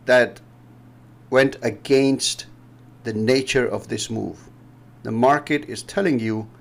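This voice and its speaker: Man, Pakistani English accent, mid-range voice with some fry, rambling explainer who often laughs. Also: mid-range voice. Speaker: trading educator. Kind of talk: casual chart-analysis chat.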